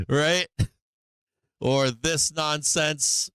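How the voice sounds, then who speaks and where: Guy hosting a live trading stream, swears a lot, laughs, bright clear voice, super dry sound. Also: on the high side, takes it slowly, no echo. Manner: profane, animated, laughs often, acts out the market. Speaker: livestream trading show host. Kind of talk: live market commentary.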